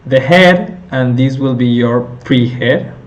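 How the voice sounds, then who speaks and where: Guy teaching a class, slow and halting, lots of uhs and okays. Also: mid-range voice, highs cut off. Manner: explains step by step, many fillers and self-corrections. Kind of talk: recorded lecture on intonation.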